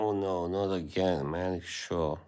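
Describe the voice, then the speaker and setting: Low, slow-talking man chatting on a livestream. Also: vocal fry. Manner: rambling, hesitant, many fillers and soft laughs. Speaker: livestream host. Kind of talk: casual livestream chat with viewers.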